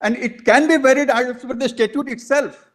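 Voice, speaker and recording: High-voiced male advocate arguing in court. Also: steady tone, a bit bright. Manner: addresses the bench as "my lord" constantly, halting restarts. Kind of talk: courtroom legal argument.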